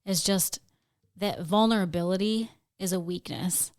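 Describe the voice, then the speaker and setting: A woman's voice: fairly low pitch, steady tone, a little slow. A woman co-hosting a podcast who speaks sincerely and with emphasis, often repeating words. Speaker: podcast co-host. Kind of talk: candid podcast conversation.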